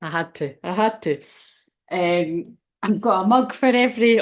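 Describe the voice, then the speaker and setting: A woman's voice: mid-range voice, unhurried. A woman reading oracle cards on a casual livestream, chatty and rambling, often exclaiming and laughing at herself. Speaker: tarot and oracle card reader hosting a livestream.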